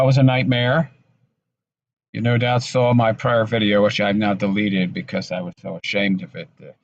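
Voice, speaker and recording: An exhausted man recording a personal vlog monologue, talking in a halting, subdued way with many restarts. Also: medium pitch, muffled recording. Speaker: vlogger. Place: in his car.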